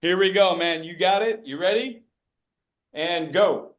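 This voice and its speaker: The presenter of this public speaking workshop has a high-pitched, somewhat bright voice and a measured pace. He jokes playfully with the audience and guides them through group drills.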